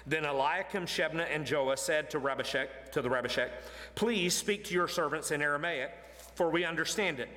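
Emphatic male preacher in a reverberant hall. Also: moderate pace. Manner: animated, emphatic, rising in pitch to stress points. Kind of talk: expository sermon.

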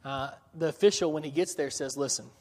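A man's voice: fairly high pitch, a little fast, a little mellow. A man preaching a sermon, reading scripture aloud and acting out the biblical characters' lines, with frequent chuckles and questions to his listeners. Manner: conversational, asks the audience questions, chuckles often. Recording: long hall reverb.

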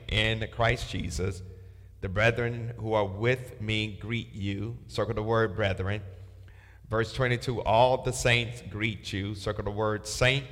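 A man's voice: lowish voice, a bit bright, in a large hall. A man leading a Bible study, reading verses aloud and telling listeners what to underline and circle. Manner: reads scripture aloud with marking instructions. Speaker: pastor.

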